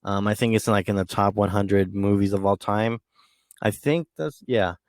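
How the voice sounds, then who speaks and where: Rambling man with a low, dry voice. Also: steady tone, normal speed, a little mellow, dry recording. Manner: rambling, many ums and restarts. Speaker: podcast host. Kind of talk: casual solo monologue.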